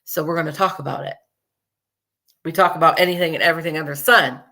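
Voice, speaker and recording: A woman's voice: low voice, steady tone, quick pace, pushed and bright. A young adult woman hosting a casual true crime show, chatting to viewers in a rambling, profane way and laughing often. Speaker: true crime podcast host.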